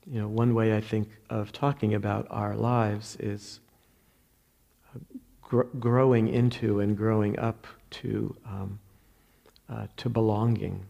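A man with a New Jersey accent gives a dharma talk in a low, dark and gravelly voice. He speaks very slowly and thoughtfully, often pausing, restarting and searching for words. His tone is soft-edged and husky throughout. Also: flat delivery, highs cut off. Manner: halting, reflective, many fillers and restarts. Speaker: Zen meditation teacher.

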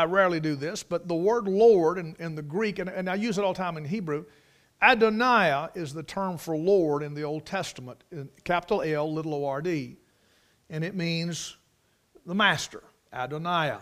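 A man preaching a sermon, emphatic, repeating key words for stress. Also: fairly high pitch.

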